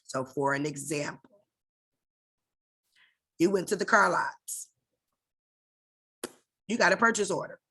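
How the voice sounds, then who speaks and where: A woman with a fairly low voice runs an online class over a video call. She explains things in a casual, direct and conversational way and talks to her listeners as y'all. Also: lively intonation, slow, long pauses, bright, forceful tone, breathy edge. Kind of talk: casual instructional talk.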